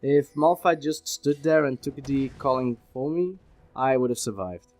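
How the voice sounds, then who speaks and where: A man's voice: medium pitch, normal speed, a little mellow. A man giving casual, rambling commentary over his own gameplay, with self-deprecating asides. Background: faint background music.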